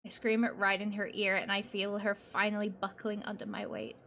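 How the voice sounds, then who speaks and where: A woman's voice: mid-range voice, flat delivery, a little fast, pushed and bright, a little hiss or hum. A woman narrating a story in the first person, in a tense, emotional way.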